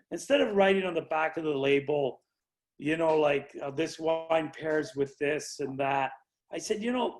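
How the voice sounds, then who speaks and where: A middle-aged man, a winery owner, chatting casually on a video call and speaking haltingly with many restarts. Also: fairly high pitch, low-quality recording.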